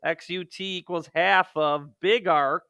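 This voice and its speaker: A man's voice: high voice, fairly even intonation, a little slow, vocal fry, pushed and bright, smooth, no room sound, clean studio sound. A man, a math teacher, talking through a geometry lesson in a joking, self-deprecating way, swinging from playful outbursts to muttered asides.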